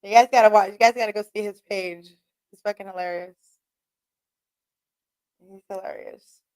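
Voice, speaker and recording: A woman's voice: medium pitch, steady tone, moderate pace, darkish tone. A woman, hosting a radio show and chatting casually on her own, rambling, swearing and laughing a lot. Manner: rambling, profane, laughs often. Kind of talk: casual solo chat. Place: radio studio.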